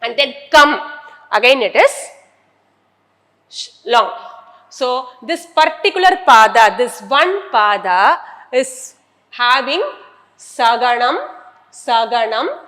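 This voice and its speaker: High-voiced woman teacher, echoey. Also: animated, slow, long pauses, pushed and bright. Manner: explains step by step, repeating key terms. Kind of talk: classroom lecture.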